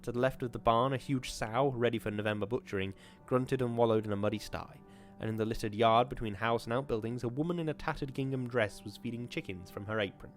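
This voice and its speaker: A man and podcast host reading a classic horror short story aloud in a measured, formal narrating voice. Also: medium pitch, faint music behind.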